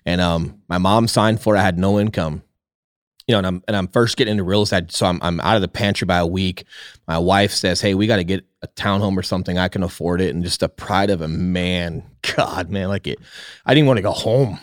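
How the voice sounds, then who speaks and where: A man's voice: low voice, brisk, dry recording, clean studio sound. A man in his thirties telling a candid, profane personal story as a guest in a casual talk. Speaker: podcast guest, realtor.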